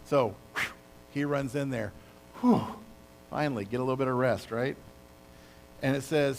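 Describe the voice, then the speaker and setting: A male pastor delivers a sermon in a casual, storytelling way, full of exclamations and asides. His voice sits in a middle pitch. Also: normal speed, gravelly, long pauses, slight background noise, rough recording. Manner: animated, casual storytelling with sound effects.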